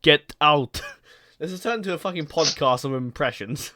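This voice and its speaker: A man's voice: on the high side, expressive, a bit bright. Young man hosting a rowdy chat. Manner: laughing often, swearing, doing quick impressions. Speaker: podcast host. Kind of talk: casual chat.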